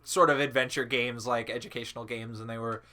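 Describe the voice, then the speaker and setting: A man's voice: medium pitch, fairly even intonation, a little fast, bright, forceful tone. A man chatting casually while playing a video game, rambling and swearing, with laughing asides. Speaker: let's play commentator. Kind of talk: casual gaming chat.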